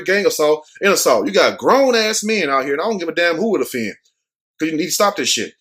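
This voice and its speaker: A man hosting his own show, riffing on a news story in a loose, joking way. He curses freely and drops street slang. His voice sits a bit higher than most men's. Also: a bit bright. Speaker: show host. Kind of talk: casual profane news commentary.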